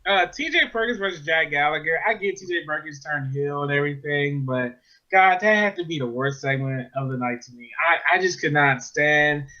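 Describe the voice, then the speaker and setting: A man's voice: a little high, moderate pace, sharp tone, muffled recording. A man reviewing a wrestling show in casual chat, ranting with plenty of swearing and exasperation.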